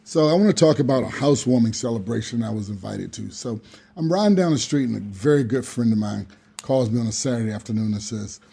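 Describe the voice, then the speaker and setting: A man telling a comic story on a radio show, animated and acting out the other people in it. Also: medium pitch, quick pace, gravelly, breathy edge. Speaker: regular guest.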